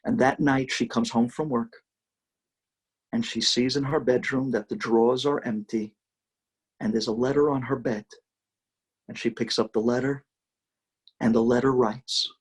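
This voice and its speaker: A man's voice: mid-range voice, fairly even intonation, unhurried, long pauses, slightly rough. A man, a rabbi, telling a story in a sermon with dramatic emphasis.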